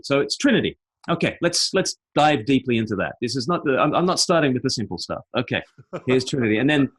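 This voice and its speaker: A man who works as a pastor and evangelist, talking through ideas in a rambling, animated way and laughing often in a casual conversation. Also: medium pitch. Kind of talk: casual video-call conversation.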